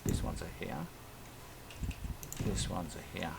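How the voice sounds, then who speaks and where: Heavy background noise surrounds a man's low, creaky, sing-song voice as he speaks at a slow pace. He's casually commentating a live-streamed game, thinking out loud while building, with frequent self-talk and little tangents.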